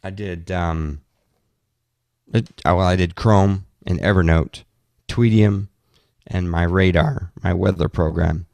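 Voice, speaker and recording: Man, very low voice, dry room, casual chatty rambling, tired. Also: gravelly, a little mellow, dry recording. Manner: rambling, chatty, many restarts. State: tired, yawning. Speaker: podcast host. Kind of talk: casual tech talk.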